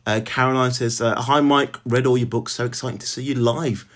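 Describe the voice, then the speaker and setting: A middle-aged man with a Birmingham accent hosts a casual live stream at home, greeting viewers by name in a halting way, with lots of ums and restarts. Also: medium pitch, steady tone, fairly bright tone. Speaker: author hosting a live stream.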